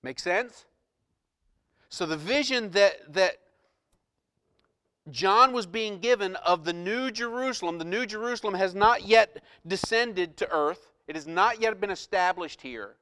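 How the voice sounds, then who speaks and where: A man preaching a sermon as pastor, moving between soft, hushed scripture reading and loud, impassioned preaching. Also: high voice, measured pace, no room sound, studio quality.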